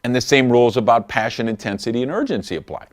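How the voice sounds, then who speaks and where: A male trainer delivers a recorded lesson on inviting prospects, animated and direct. His pitch sits in a middle range but rises and falls widely, and he slips into little acted phone calls along the way. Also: fast talker. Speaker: network marketing trainer.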